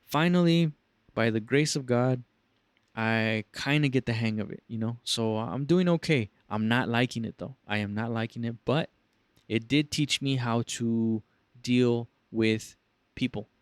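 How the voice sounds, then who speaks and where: A young man hosts a podcast, telling a story in a casual chat. His mid-range voice is unhurried and smooth with no room sound, and he swears freely and animatedly acts out angry callers in raised voices.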